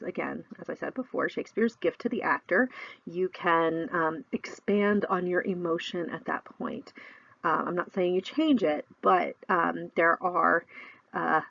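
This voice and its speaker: A woman's voice: fairly low pitch, creaky, no room sound, muffled recording. A middle-aged woman teaching a recorded lesson, explaining in a chatty way with lots of fillers.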